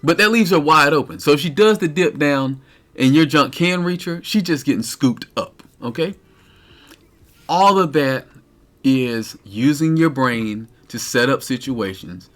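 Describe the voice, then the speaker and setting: A man streaming live, ranting in exasperated detail about a fighting game character. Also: medium pitch. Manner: animated, incredulous, cursing.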